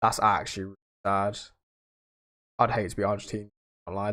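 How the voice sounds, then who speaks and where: A young man runs a casual livestream, rambling to his viewers in slang and swinging between loud outbursts and low mutters. His tone is steady and he talks at a normal speed.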